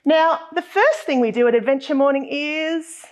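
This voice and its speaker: A woman's voice: high-pitched, normal speed, few pauses. A woman teacher, hosting a preschool morning and talking to small children in a sing-song, encouraging way. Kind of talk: cheerful talk to small children.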